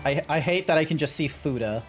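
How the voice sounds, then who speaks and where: A man's voice: fairly high pitch, brisk, soft background music. A man streaming a game and chatting casually with friends, rambling, swearing and laughing easily. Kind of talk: casual chat while gaming.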